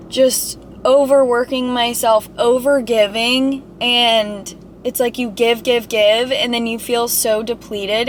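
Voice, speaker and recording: A young woman talking casually and gently about self-help and spirituality, reflective and full of "like" fillers. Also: fairly high pitch, slight background noise. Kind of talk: casual motivational talk.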